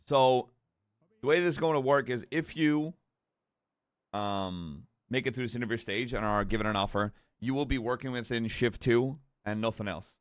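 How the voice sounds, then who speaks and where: A man playing a police lieutenant in a role-play game, blunt and quick to curse as he runs an interview. His mid-pitched voice sounds dry and close on a headset mic. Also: no echo. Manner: blunt, swears often. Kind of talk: casual gaming role-play chat.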